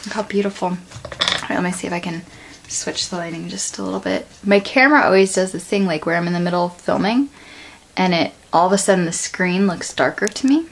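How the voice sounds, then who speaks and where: Excited woman opening a craft swap box at home, all oh my goshes and gasps, noisy home video. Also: on the low side, quick pace, creaky. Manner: gushing, gasping, breathless exclamations. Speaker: vlogger unboxing a craft swap package. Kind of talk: excited unboxing chat. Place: home room.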